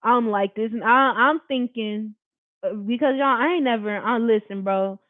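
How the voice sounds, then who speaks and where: Animated storyteller with a tinny phone-like sound. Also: medium pitch, normal speed, no room sound. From Long Beach, California. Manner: animated, emphatic, slangy and profane, addressing viewers directly. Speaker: storyteller recounting a personal experience. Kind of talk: storytime vlog to camera. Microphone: camera facing the speaker.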